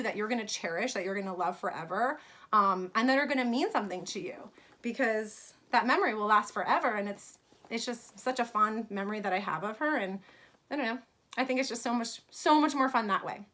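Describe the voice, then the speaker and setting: A woman's voice: mid-range voice, a bit bright. A woman in her thirties from New York, telling a personal story in a casual vlog about her fashion brand, chatty with many fillers.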